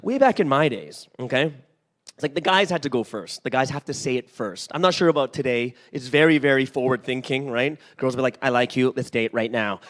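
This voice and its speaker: A man in his forties giving a sermon in a church, telling a personal story with lively acted-out dialogue and frequent "right?". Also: medium pitch, a little fast. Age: 40s. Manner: animated storytelling, acts out dialogue, often asks "right?". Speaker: pastor.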